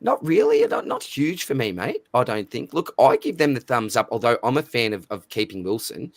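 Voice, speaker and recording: A man's voice: mid-range voice, wildly swooping pitch, brisk, dry recording. A man with an Australian accent hosting a live stream in casual chat, matey and chatty as he reads out viewer names. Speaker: livestream host.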